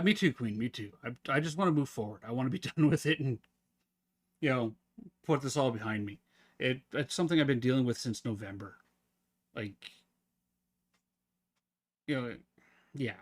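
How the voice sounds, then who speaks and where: A man streaming live, talking casually and at length with his viewers in a relaxed, rambling way. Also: medium pitch.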